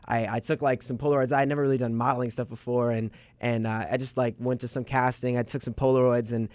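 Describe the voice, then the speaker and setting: Fast-talking young man telling a story. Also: mid-range voice, dry recording. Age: 20s. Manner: animated storyteller, quotes others in lively bursts. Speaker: singer-songwriter guest. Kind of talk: radio studio interview. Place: radio studio.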